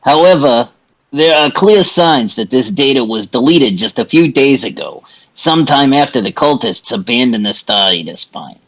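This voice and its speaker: A man's voice: mid-range voice, expressive, moderate pace, fairly bright tone, breathy edge, low-quality recording. A man playing in a tabletop game, reading out game text and laughing often as he chats. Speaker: player. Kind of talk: casual tabletop game chat.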